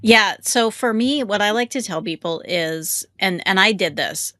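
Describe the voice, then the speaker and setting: A woman co-hosting a casual business webinar, telling animated stories and acting out quotes in a higher voice. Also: unhurried, no echo, clean studio sound. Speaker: webinar co-host, business coach and podcaster.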